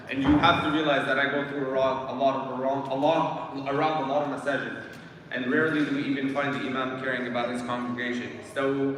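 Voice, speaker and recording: A man's voice: medium pitch, fairly bright tone. A man from Canada giving a guest sermon in a mosque, telling a vivid story and addressing the crowd directly with dramatic build-ups. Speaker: guest lecturer. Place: mosque prayer hall. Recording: echoey hall from far off with faint noise.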